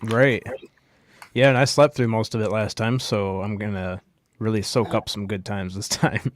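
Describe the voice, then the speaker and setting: Low-voiced man hosting a live show. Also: normal speed. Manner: relaxed, greets chat viewers by name. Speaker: host.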